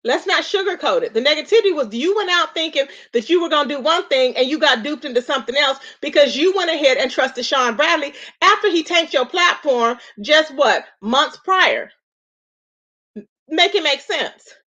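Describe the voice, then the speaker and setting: A woman's voice: high-pitched, expressive, moderate pace, pushed and bright. A woman hosting a live stream, talking with sass and exasperation, asking rhetorical questions and greeting viewers with endearments. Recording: dull lo-fi stream audio.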